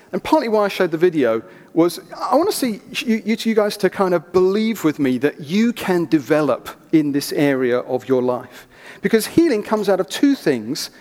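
A man preaching a sermon, telling stories in an animated, chatty way with asides. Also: sits high. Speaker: pastor. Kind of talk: sermon with storytelling. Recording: reverberant church hall.

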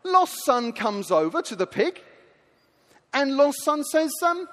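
A man with a very high voice preaches a sermon in a lively storytelling manner. He builds to rousing calls to the audience. The sound carries a long echo through a large hall. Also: takes it slowly.

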